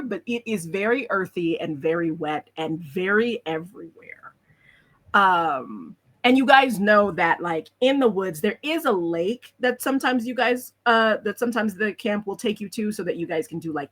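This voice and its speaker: A woman's voice: mid-range voice, a bit bright. A woman narrating as game master, describing scenes in a chatty way with lots of fillers.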